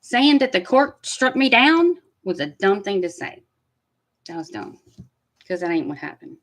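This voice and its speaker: A woman giving blunt, animated live commentary, swearing freely and sharing strong opinions. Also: medium pitch, measured pace, rough recording. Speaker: commentary host. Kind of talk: casual live trial commentary.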